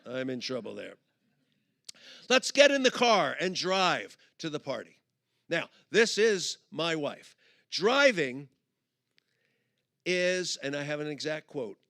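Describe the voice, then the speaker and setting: Man, middle-aged, humorous sermon, high pitch, dry close sound, storytelling. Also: creaky, sharp tone, dry recording. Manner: storytelling, acts out both sides of a couple with quick voices. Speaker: conference speaker. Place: conference auditorium.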